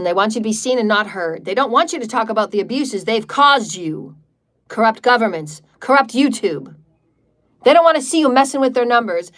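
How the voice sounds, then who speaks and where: A woman's voice: fairly high pitch, a bit bright. A woman leading a livestreamed healing meditation in a defiant, declarative way, repeating chant-like lines and swearing freely. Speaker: spiritual meditation leader.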